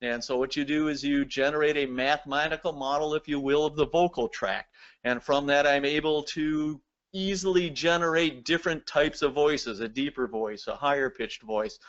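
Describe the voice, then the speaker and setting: Slightly high-voiced man presenting a lecture. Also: normal speed, a bit bright, muffled recording. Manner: explanatory, addresses viewers directly. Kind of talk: recorded lecture.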